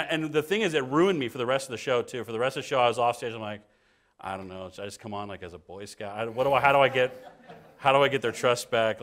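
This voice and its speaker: Male improv performer on a panel, animated storyteller, mid-pitched voice. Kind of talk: conversational panel talk.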